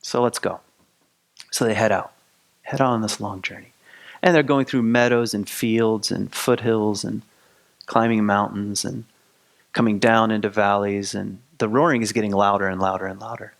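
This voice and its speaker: A man's voice: fairly low pitch, fairly even intonation, normal speed. Casual man retelling a folktale. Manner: casual, rambling with fillers and restarts. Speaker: podcast host. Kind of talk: spoken storytelling of a folktale.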